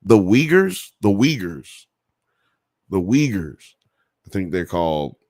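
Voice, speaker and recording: A man with a low, sing-song, darkish voice speaks slowly in studio-quality sound with no echo. Hosting a live podcast in a casual stream-chat style, he reads chat comments aloud, rambling, profane and laughing often.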